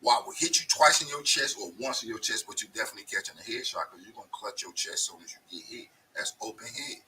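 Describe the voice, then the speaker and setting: Sharp-toned man ranting bluntly. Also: fairly low pitch, lively intonation, quick pace, hardly any pauses, distant mic, a little hiss or hum, poor audio. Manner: blunt, profane, emphatic, talks straight to viewers. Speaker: show host. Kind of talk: casual ranting monologue.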